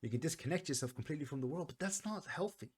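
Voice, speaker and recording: A man talking casually through a song's meaning, earnest and reflective, often pausing and restarting his sentences. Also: a little high, expressive, breathy edge. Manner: earnest, reflective, soft-spoken. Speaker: music reaction vlogger. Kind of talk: casual song commentary.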